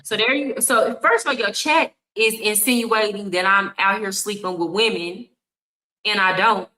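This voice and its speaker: A woman's voice: mid-range voice, normal speed, sharp tone, poor audio. A woman hosting a reaction video, speaking bluntly and confrontationally with heavy swearing. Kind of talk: angry reaction commentary.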